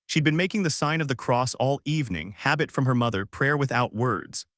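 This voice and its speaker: A man narrating a scripted story in a somber, measured way. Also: mid-range voice, a bit bright, dry recording.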